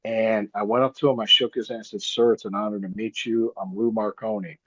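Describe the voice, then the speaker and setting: A husky, slightly breathy man in his fifties chats casually as an interview guest, circling back over his words and laughing often. The sound is dry and a little muffled, like a lo-fi remote line. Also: on the low side, flat delivery, a little fast, a bit bright, no room sound. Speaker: guest, pro wrestler and podcaster.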